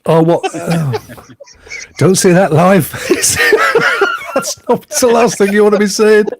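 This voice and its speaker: A man's voice: high-pitched, huge pitch swings, slow pace, heavy background noise. A man hosting a casual gaming livestream, jokey and chatty, thanking viewers by name. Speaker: host.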